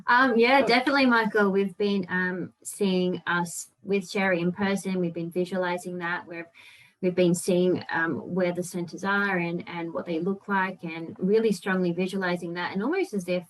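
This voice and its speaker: A woman's voice: lowish voice, fairly even intonation, moderate pace, low-quality recording. A woman guest in a casual chat, speaking thoughtfully with some hesitation. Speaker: guest, helper.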